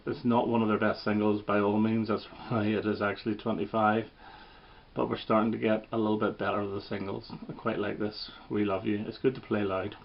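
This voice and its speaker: A man casually ranking records, relaxed and hesitant, with plenty of fillers and restarts. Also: lowish voice, vocal fry, highs cut off. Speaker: record collector vlogger.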